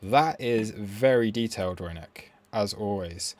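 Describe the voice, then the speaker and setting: A man's voice: fairly low pitch, measured pace, darkish tone. Chatty man hosting a stream. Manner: chatty and self-mocking, with frequent fillers. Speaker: crypto trading live stream host. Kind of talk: casual live-stream commentary.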